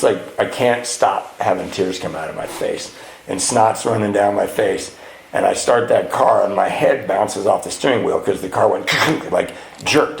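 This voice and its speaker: A middle-aged man from California speaking at a retreat, telling his recovery story to an audience with self-mocking humor and sudden jumps into high voices for the comic parts. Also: creaky, darkish tone. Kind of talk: storytelling talk to a live audience. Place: retreat hall. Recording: echoey room.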